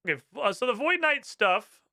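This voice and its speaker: Brief: fired-up male streamer, high bright voice, swears freely, game music in the background. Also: fairly quick. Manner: animated, profane, ranting. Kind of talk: casual live-stream commentary.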